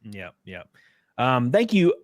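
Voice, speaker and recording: A man's voice: wildly swooping pitch, slow pace, no room sound, clean studio sound. A young man hosting a casual political livestream, loose and profane, mocking the things he reads out. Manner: loose, profane, mocking, acts out quotes with big pitch jumps. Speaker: livestream host.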